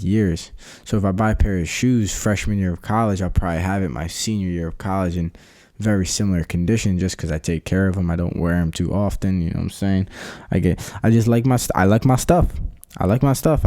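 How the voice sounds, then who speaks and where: Low mellow-voiced young man rambling. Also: fairly quick. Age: young adult. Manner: rambling and loose, heavy on slang and fillers. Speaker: podcast host. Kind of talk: casual solo podcast chat. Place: his own room.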